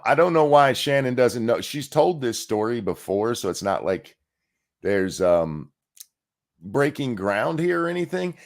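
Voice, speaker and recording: A man hosting a casual livestream, rambling and sarcastic, swearing freely and restarting his sentences often. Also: mid-range voice. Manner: rambling and profane, with frequent restarts. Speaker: livestream host.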